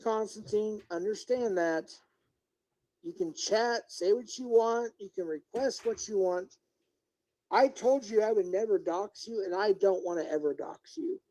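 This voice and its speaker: Livestream rant, confrontational streamer, scolding and lecturing, repeats questions, mellow warm voice, middle pitch. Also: poor audio. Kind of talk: livestream rant addressed to one person.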